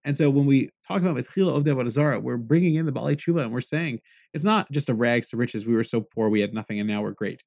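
A Torah teacher with a gravelly, fry-laden voice gives a lively lecture at a fast clip. His pitch stays mid-range but leaps high when he hammers a point home, and he weaves Hebrew phrases into plain English explanation.

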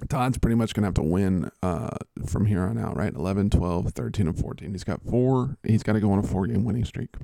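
Male host, low dark gravelly voice, jokey and rambling, dry sound. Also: a little fast, few pauses, no room sound. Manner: joking, rambling, teasing. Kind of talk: casual chat.

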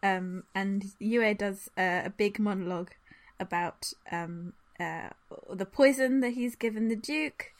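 A woman co-hosting a casual book discussion, rambling with lots of fillers and quick laughs. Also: mid-range voice. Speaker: podcast co-host.

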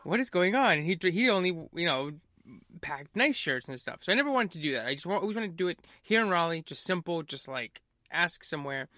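A man's voice: fairly high pitch, animated, fairly quick, bright, forceful tone, dry recording, studio quality. A young man hosting a podcast, telling a long story casually with lots of fillers and acted-out quotes. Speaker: podcast host.

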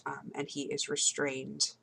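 A woman's voice: a bass voice, monotone, measured pace, vocal fry, bright, forceful tone, slightly rough. A woman playing in a tabletop game, hesitant with many ums while she explains rules. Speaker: player.

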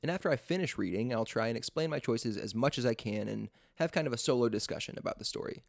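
A man hosting a podcast, narrating a suspenseful story in a measured way. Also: mid-range voice, lively intonation, vocal fry, dry recording, clean studio sound.

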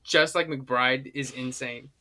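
A man's voice: mid-range voice, fairly even intonation, slow pace, sharp tone. A man co-hosting a podcast in casual chat, rambling with restarts and casual swearing. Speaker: podcast co-host.

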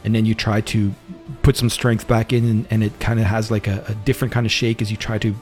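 A man narrating as game master of a tabletop game, relaxed and rambling, talking into a home mic on a voice call. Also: fairly low pitch, fast, faint music behind.

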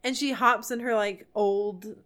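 A young woman co-hosting a podcast, rambling through an animated story full of fillers in casual chat. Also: mid-range voice, a little slow, smooth. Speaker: podcast co-host.

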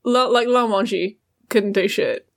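A woman's voice: mid-range voice, unhurried, creaky. A woman co-hosting a podcast, musing over a story in casual chat with many fillers. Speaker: podcast co-host.

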